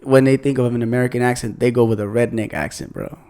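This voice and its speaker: A man's voice: mid-range voice, steady tone, quick pace, dark tone, clear, resonant tone. A man appearing as a podcast guest, chatting casually in an easygoing, agreeable way and laughing often. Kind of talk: casual chat.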